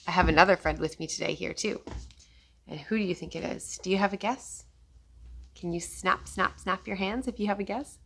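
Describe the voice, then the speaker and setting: A woman's voice: mid-range voice, sharp tone. A young woman leading an online children's circle time, singing and counting in a playful, encouraging sing-song. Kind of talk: singing and leading kids' songs. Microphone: webcam or laptop mic on video call.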